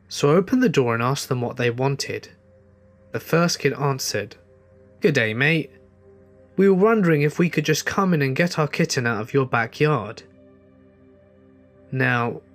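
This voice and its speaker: A man narrates a first-person horror tale at a mid pitch, keeping a measured, tense delivery. Faint music plays under his voice throughout. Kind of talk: scripted horror story narration.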